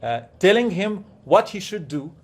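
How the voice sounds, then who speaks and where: A man's voice: sits high, very animated, normal speed. A man, a professor giving a classroom lecture who explains by asking the class questions and repeating key words. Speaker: professor teaching Quran commentary. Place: classroom with students.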